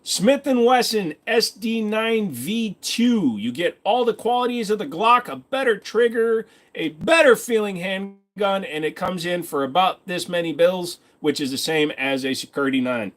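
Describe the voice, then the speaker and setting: A man with a slightly high voice chats casually on his livestream, answering viewer comments with rambling, offhand asides. The talk is loose and unscripted. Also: animated, normal speed, few pauses. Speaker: streamer host.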